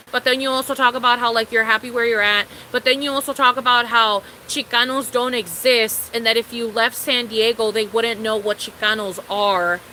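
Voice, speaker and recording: A woman's voice: fairly high pitch, sharp tone, slight background noise, poor audio. A young woman vlogger ranting in a casual storytime, exasperated and incredulous, swearing freely and laughing often.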